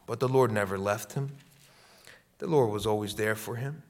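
A middle-aged man preaching a sermon as pastor, repeating his lines and swinging between loud, fervent peaks and hushed, quiet passages. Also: lowish voice, normal speed.

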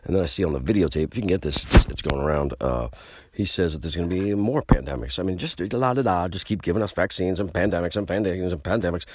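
A man's voice: low voice, quick pace, slightly rough, dry recording. A man ranting casually to the camera in a rambling, profane, emphatic way.

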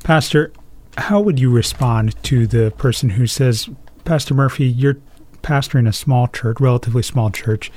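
A man interviewing a pastor on a radio talk show, asking measured questions. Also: medium pitch, darkish tone.

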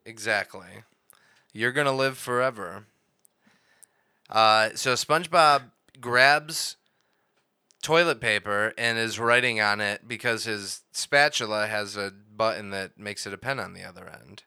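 A man's voice: fairly low pitch, measured pace, sharp tone, clear, resonant tone, no echo, studio quality. A man co-hosting a podcast, recapping a cartoon episode in loose, joking chat. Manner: loose, joking, acts out lines in funny voices. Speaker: podcast co-host.

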